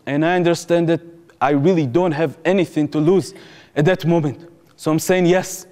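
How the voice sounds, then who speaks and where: A young adult man from Israel with an Israeli accent, telling a personal story to an audience in an animated way, acting out what people said, in non-native English. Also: fairly high pitch, normal speed. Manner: animated, acts out quoted speech, non-native phrasing. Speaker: former soldier giving testimony. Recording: reverberant hall, live talk.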